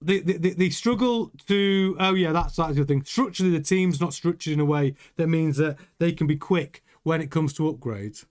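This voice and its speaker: A man's voice: a little high, fairly quick, hardly any pauses, a little mellow. A man hosting a live watchalong, reading out viewer chat and giving casual, rambling commentary that often stops and restarts mid-sentence. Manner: chatty, rambling, self-interrupting. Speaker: livestream host reading chat.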